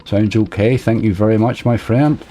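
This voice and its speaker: Male streamer, deep and relaxed, chatty, faint game music behind. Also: normal speed. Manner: chatty, reading out viewer chat. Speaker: slots livestreamer. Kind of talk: casual live-stream chat. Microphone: desk microphone.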